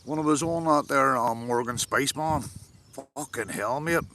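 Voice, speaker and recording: Northern Irish man, casual outdoor streamer, sweary and chatty, bright ringing tone, faint nature sounds behind. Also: mid-range voice, normal speed, a little hiss or hum. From Northern Ireland. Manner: chatty, swears a lot, answers viewers' comments. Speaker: live streamer. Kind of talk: casual live-stream chat. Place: outdoors by a fishing lake.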